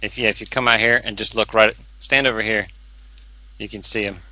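A man's voice: lowish voice, fairly even intonation, brisk, pushed and bright, no room sound, low-quality recording. A man chatting casually while playing a game, playful and fond of putting on accents. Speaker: game player. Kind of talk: casual gameplay chat.

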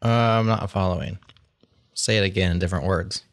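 A man's voice: deep voice, fairly even intonation, fairly quick, no echo. A man hosting a podcast in casual tech chat, curious and asking follow-up questions. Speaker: podcast host.

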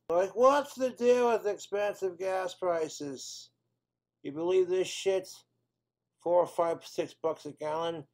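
A man's voice: on the high side, darkish tone. A man doing stand-up comedy, rambling through crude jokes in a casual, off-the-cuff way.

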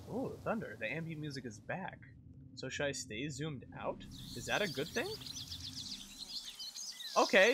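A man's voice: a little high, background noise. A young man casually commenting on a video game while he plays, rambling, talking to himself and easily startled. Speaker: let's play gamer.

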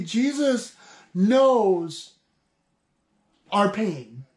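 A man giving an informal online Bible talk, reading scripture and explaining it in a halting way, often pausing to restart a phrase. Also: high voice, lively intonation, darkish tone. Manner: slow, halting, with many restarts and "see".

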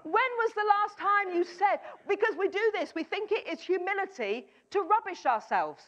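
A woman's voice: extremely high pitch, animated, normal speed, lo-fi sound. A woman preaching a sermon, emphatic, often repeating her key phrases and acting out a doubter's replies.

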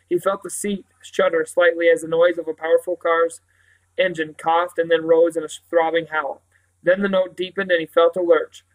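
A man reading a children's novel aloud in a steady narrating voice, with a few slips and restarts. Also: a little high, rough recording. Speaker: audiobook reader.

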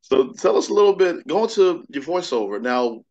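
A man's voice: fairly high pitch, sing-song, normal speed, a little mellow. A man hosting an interview, asking friendly, easygoing questions with plenty of fillers. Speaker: interview host. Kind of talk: casual interview chat. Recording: dull lo-fi sound.

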